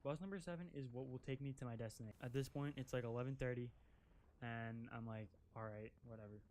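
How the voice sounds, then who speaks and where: A young man's mid-range voice, fast and a little mellow, narrates a vlog storytime as he drives an off-road vehicle. His telling is rambling and profane, heavy with filler, especially an endless stream of "like".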